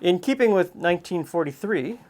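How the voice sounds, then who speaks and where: A man's voice: high voice, moderate pace, slight background noise. Chatty male cooking show host. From Canada. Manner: relaxed, chatty, frequent "um"s. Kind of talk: casual cooking chat.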